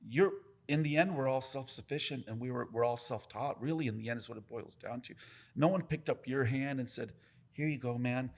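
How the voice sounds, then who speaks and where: A tattoo artist, talking on a podcast. He is blunt and profane, and he keeps the stories coming with an animated, storytelling push. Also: mid-range voice, a little fast. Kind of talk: casual podcast conversation.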